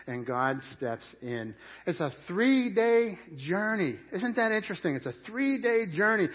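A male pastor preaching a sermon, swinging between loud emphasis and hushed intensity. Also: high-pitched. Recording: muffled lo-fi sermon recording. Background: church congregation.

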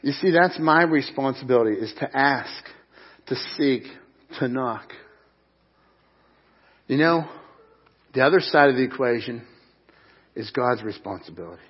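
A man's voice: medium pitch, lively intonation, measured pace, pauses often, slightly rough, lo-fi sound. A middle-aged man preaching a sermon at a church service, earnest and emphatic, with repeated phrases. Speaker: pastor.

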